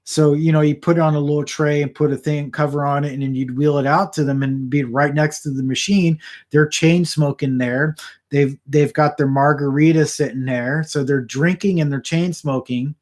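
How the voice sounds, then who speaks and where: A man's voice: on the high side, steady tone, moderate pace, darkish tone. A man talking casually to a camera about four feet away, rambling and restarting his sentences often. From Southern California. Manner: rambling, frequent restarts and stammered repeats.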